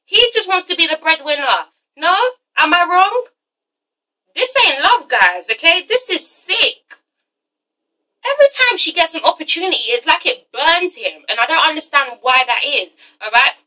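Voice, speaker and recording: A young woman with a high, bright voice, casually reviewing a TV episode for her vlog. She is sassy and swears freely, tagging nearly every point with a pointed "okay?". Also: very animated, normal speed, poor audio. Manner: sassy, profane, tags lines with "okay?".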